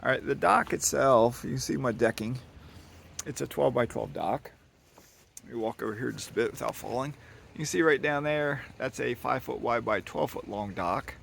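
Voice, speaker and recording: A man's voice: mid-range voice, moderate pace, creaky, fairly bright tone, a little hiss or hum. A man giving a casual, rambling walk-and-talk tour of his waterside dock, recorded outdoors on a handheld camera. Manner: rambling, folksy, with restarts. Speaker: vlogger giving a property tour. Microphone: handheld camera carried while walking. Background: birds.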